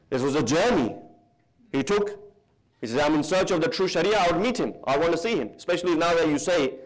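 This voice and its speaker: His voice fairly high, a British man delivers a sermon in a big hall, narrating animatedly and easing his pace to underline important points, weaving Arabic terms into his speech.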